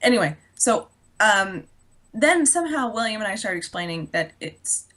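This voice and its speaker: A young adult woman co-hosting a podcast, chatting casually and telling an animated story, swearing freely and acting out the dialogue. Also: mid-range voice, normal speed. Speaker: podcast co-host. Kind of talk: casual chat.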